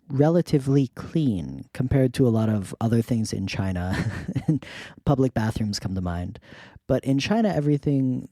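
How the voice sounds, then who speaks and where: A man's voice: mid-range voice, no room sound, clean studio sound. A man hosting a podcast, short of breath from illness, telling casual stories and acting out what others said. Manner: relaxed, anecdotal, acts out others' quotes. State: sick with pneumonia, short of breath. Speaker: podcast host. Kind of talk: casual storytelling.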